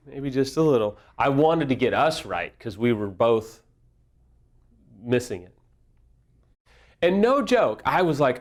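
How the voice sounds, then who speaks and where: A man's voice: medium pitch, lively intonation, normal speed, long pauses. Middle-aged man, recovery speaker; candid, humorous, vulnerable. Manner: self-deprecating, humorous, openly vulnerable. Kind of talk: candid casual teaching talk.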